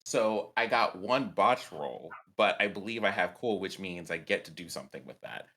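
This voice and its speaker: A man taking his turn in a tabletop game, with a somewhat low voice. He thinks aloud hesitantly, with plenty of ums and restarts. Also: lively intonation, moderate pace, sharp tone. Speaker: player.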